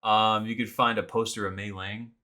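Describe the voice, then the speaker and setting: A man co-hosting a podcast, recapping a video game in animated, sarcastic casual chat. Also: lowish voice, normal speed. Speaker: podcast co-host.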